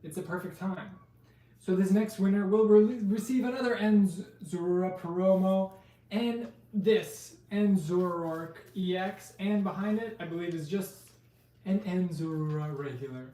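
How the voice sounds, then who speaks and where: A man's voice: high voice, a little slow, warm tone. A man hosting a casual live stream, chatting with viewers and reading card names aloud. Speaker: live-stream host opening trading card packs. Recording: roomy, distant mic with faint noise.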